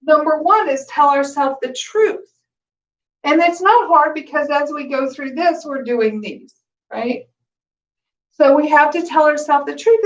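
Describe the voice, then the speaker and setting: A woman meditation teacher speaking gently and conversationally, with restarts and soft laughs. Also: sits high, distant mic, poor audio.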